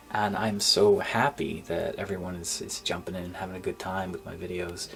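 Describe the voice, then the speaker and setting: A man with a deep, low voice vlogs to his viewers, hesitant and full of fillers. He sounds low-spirited, and his voice often sinks to a breathy near-whisper. Faint music plays softly behind him. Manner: subdued and halting, many fillers, drops to near-whisper. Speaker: gaming YouTuber. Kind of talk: casual thank-you vlog. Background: faint background music.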